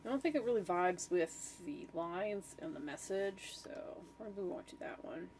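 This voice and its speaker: A woman with a lowish, expressive, darkish voice talks at a moderate pace over a slight hiss or hum. An art streamer, she chats casually and rambles while designing, thinking aloud with self-talk and trailing fillers.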